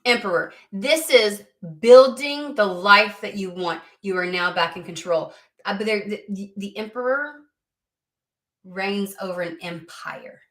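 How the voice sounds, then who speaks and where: A woman's voice: medium pitch, a little slow, fairly bright tone. A woman giving a casual tarot reading to her viewers in a rambling, frank manner, swearing freely. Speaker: tarot card reader.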